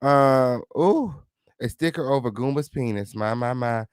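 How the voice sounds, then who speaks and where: A man's voice: mid-range voice, unhurried, clear, resonant tone, dry recording, studio quality. A man hosting a live stream, chatting casually with viewers and reading comments, sassy and heated, swearing freely.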